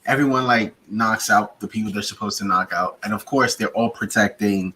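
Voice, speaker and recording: Guy recapping a show w/ friends, lowish voice but bright and punchy, does little character voices, bit of hiss. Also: moderate pace, low-quality recording. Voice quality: lively storyteller, acts out lines with sudden high-pitched bursts. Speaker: podcast co-host reviewing a TV series. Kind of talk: casual chat, animated retelling.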